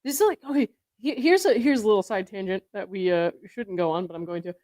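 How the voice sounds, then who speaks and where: A woman's voice: medium pitch, fast talker, a little mellow, no room sound. A woman hosting, talking in a chatty, rambling way and laughing often during a casual chat. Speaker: host.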